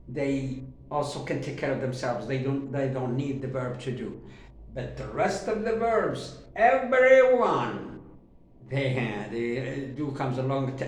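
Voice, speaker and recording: A man teaching a grammar lesson who talks haltingly with many fillers and repeats himself, drawing out his example sentences slowly. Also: mid-range voice, darkish tone, slight background noise. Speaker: English teacher. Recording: very echoey room.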